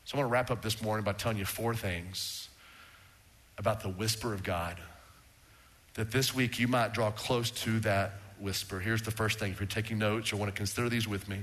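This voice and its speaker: A man preaching a sermon to a congregation, swinging from raised emphatic lines to hushed low words. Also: steady tone, normal speed. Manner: rises in pitch for emphasis, drops to a hushed low tone. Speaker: pastor. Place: church sanctuary with congregation. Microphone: handheld or stand microphone.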